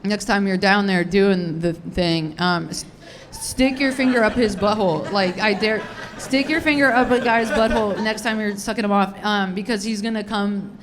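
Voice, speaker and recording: A young woman doing a stand-up comedy set, crude and unfiltered, rambling with lots of "dude" and "like", her voice a little raspy. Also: mid-range voice, normal speed, crowd noise. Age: young adult.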